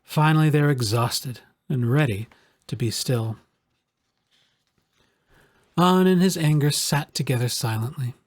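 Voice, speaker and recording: Husky man reading a storybook. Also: medium pitch, unhurried, long pauses, no room sound. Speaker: narrator.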